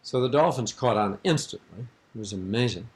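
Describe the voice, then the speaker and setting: A man's voice: mid-range voice, animated, fairly quick, slight background noise. An older man being interviewed, telling a long, rambling anecdote in an amused tone, on an archival tape recording. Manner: rambling, amused, breaks into laughter. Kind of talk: anecdotal storytelling.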